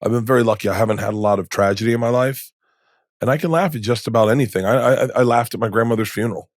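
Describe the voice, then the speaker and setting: A comedian telling animated stories in a podcast interview, acting out relatives in hushed voices. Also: male voice, medium pitch, fast, no echo, clean studio sound. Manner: acts out quoted relatives in hushed voices, laughs while telling. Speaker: comedian guest. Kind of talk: animated storytelling.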